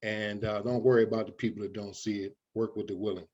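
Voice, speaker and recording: A man's voice: lowish voice, fairly even intonation, fast talker, a little mellow, muffled recording. A man as an interview guest giving folksy, preachy motivational talk, often calling his listeners "guys".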